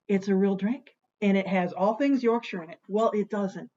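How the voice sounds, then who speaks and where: A woman's voice: medium pitch, lively intonation, unhurried, warm tone, muffled recording. A woman hosting a casual home cocktail vlog, talking in a playful, jokey way and bantering with herself by name. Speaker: host of a home cocktail show.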